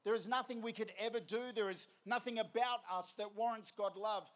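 High-voiced preacher. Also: male voice, fairly quick. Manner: lively storytelling with crowd prompts. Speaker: youth preacher. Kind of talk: energetic festival sermon.

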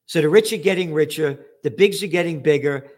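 Older male host delivering an angry, sarcastic, profane rant; voice sits a bit high. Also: fairly quick, a little mellow. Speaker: trend forecaster host. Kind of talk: angry commentary monologue.

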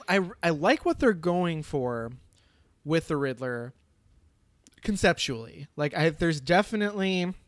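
A man's voice: a little high, fairly bright tone, no echo. A man co-hosting a casual podcast chat, rambling with many fillers and casual swearing. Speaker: podcast co-host reviewing a film.

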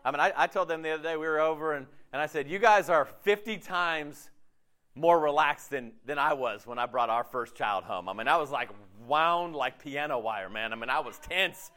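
High-voiced man preaching a casual sermon. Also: moderate pace. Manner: casual, animated, acts out quotes. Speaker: pastor. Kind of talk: conversational sermon.

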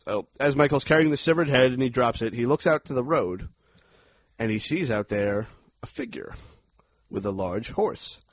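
A podcast co-host with a mid-range voice casually recaps a horror movie scene by scene, animated and quick to act out the outbursts. The recording is dry.

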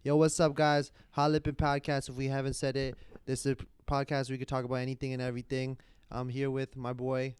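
A man's voice: mid-range voice, completely flat delivery, a little fast, darkish tone, clear, resonant tone, dry recording, clean studio sound. A young man hosting a casual podcast who teases his friend and trips over his words. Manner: loose, teasing, stumbles and repeats words. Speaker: podcast host. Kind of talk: casual chat.

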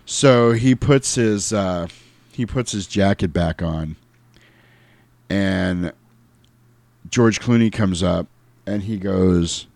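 A man's voice: low voice, takes it slowly, creaky, pauses often, a little mellow, no echo. A man co-hosting a casual chat, animatedly recapping a movie and acting out its lines with laughter. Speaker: podcast co-host.

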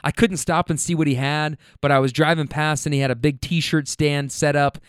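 Male host, rideshare storyteller; casual and laughing, lots of restarts; smooth, clean tone, dry close sound. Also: fairly high pitch, normal speed, no echo. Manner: laughing, animated, stumbling restarts. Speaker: rideshare driver and show host. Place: Louisville.

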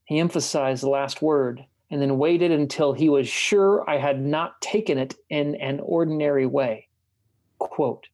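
A man co-hosting a casual talk show, chatting and reading a book passage aloud in a reflective, measured way that slows on key words. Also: a little high, a little mellow.

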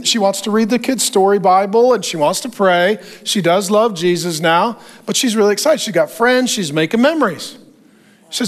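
A man's voice: high-pitched, normal speed. A man preaching a sermon, telling stories with energy and acting out what people said. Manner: animated storytelling, acting out quoted voices. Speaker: pastor.

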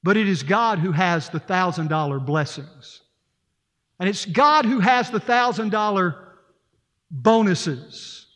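Male pastor, sermon, high voice, earnest, long church reverb. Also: a bit bright. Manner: earnest, storytelling, repetitive emphasis. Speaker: interim pastor. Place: church sanctuary.

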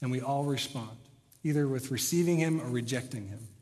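Young american pastor, conversational then fired up, reverby church sound. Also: male voice, mid-range voice, fairly quick, warm tone. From United States. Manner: conversational, builds to passionate emphasis. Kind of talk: sermon. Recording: long hall reverb.

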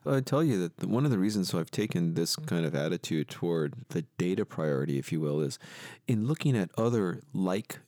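A man speaking as a guest expert in a podcast interview, explaining at length in a measured way. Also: deep voice, lively intonation, dark tone, dry recording, clean studio sound. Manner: measured, explanatory, often adds "if you will". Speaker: guest expert on retail technology.

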